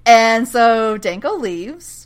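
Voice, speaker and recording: A woman's voice: fairly high pitch, expressive, very slow, smooth. A woman co-hosting a podcast, recapping a TV episode in casual chat, laughing often and swearing freely.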